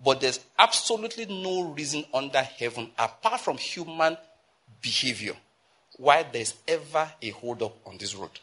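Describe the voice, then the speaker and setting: A Nigerian man preaching from the pulpit, his voice husky and a touch breathy. He drives his points home emphatically, climbing into urgent appeals and then stretching out key phrases slowly for weight. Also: medium pitch, lively intonation, pushed and bright. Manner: emphatic preaching, rising to urgent exhortation and slowing to stress phrases. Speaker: pastor. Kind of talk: sermon.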